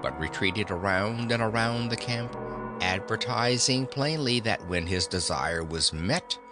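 A man narrating a classic novel as an audiobook reader, in slow, expressive storytelling. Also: lowish voice. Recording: narration over background music.

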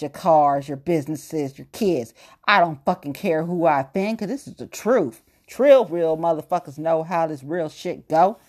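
A woman's voice: fairly low pitch, darkish tone. A woman delivering a heated, blunt and profane rant to camera, scolding and cursing throughout. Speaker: commentator.

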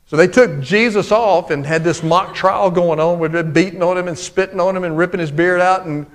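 Male pastor, high-pitched, folksy sermon delivery with big swings between loud and hushed. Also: brisk. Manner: folksy, conversational preaching with lots of y'all and man.

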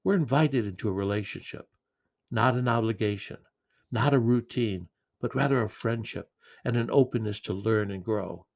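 A man preaching a sermon in an earnest, gentle way, with occasional repeated words. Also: lowish voice, normal speed, vocal fry.

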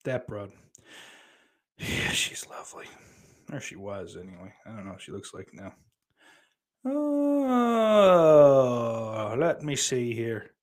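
A man's voice: mid-range voice, wildly swooping pitch, slow pace, long pauses. A male livestream host reading chat aloud in a put-on Irish accent, swearing often and breaking into giggles. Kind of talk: casual stream chat.

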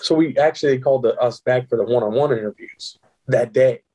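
A man's voice: mid-range voice, a little fast, rough recording. A middle-aged man telling a casual, profane story and acting out the people in it. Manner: animated, profane, acts out quoted voices. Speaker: guest.

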